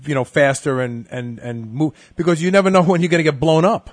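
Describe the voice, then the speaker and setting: A man co-hosting an interview, chatting casually and telling lively stories. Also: fairly high pitch, very fast, dry recording, studio quality. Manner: chatty, animated anecdotes.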